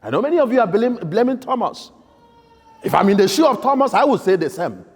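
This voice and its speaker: Emphatic priest, high voice, echoing church. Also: male voice, big pitch swings, normal speed, vocal fry, slightly rough. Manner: emphatic, swinging between loud outbursts and soft quiet lines. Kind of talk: sermon. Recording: echoey church hall.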